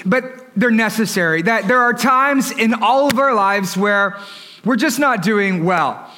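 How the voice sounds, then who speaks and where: A man's voice: high voice, lively intonation, unhurried, sharp tone. A pastor in his thirties preaching a sermon in a conversational way, often asking the congregation questions. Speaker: lead pastor.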